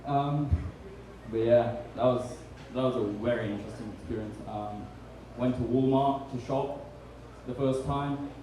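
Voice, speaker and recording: A man's voice: medium pitch, steady tone, measured pace, dark tone. A young British man doing a stand-up set, dry and self-deprecating, with frequent ums between jokes. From Britain. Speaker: stand-up comedian. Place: comedy bar stage. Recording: echoey room, distant mic, faint noise.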